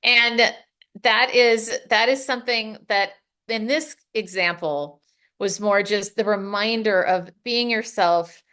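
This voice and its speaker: Woman, podcast guest, from the US, middle-aged, animated storytelling, laughs often, mid-pitched voice. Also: takes it slowly, clear, resonant tone. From United States. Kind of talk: casual storytelling.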